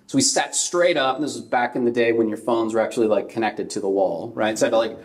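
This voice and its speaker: A middle-aged pastor from California preaches a sermon, telling a personal story and acting out its voices. He talks fast in a mid-range voice.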